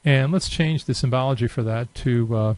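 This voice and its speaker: A man giving a relaxed, unscripted screen-recorded software tutorial, thinking aloud with many fillers. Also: mid-range voice, moderate pace, no echo, low-quality recording. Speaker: software demonstrator.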